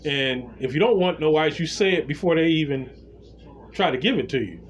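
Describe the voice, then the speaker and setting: A man's voice: a little high, fairly quick. A man with a slightly raised voice tells a story in a casual vlog rant. He talks bluntly and with slang, and he acts out the exchanges as he tells them. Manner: blunt, slangy, animated retelling. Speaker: vlogger telling a story.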